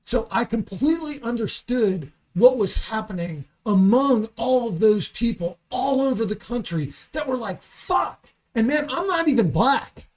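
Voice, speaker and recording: A man's voice: very high voice, lively intonation, normal speed, few pauses. A man guesting on a studio podcast, speaking with heat and force. He leans hard on his words, swears freely and keeps pushing his point. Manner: heated, emphatic, swearing freely. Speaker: comedian guest. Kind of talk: podcast conversation.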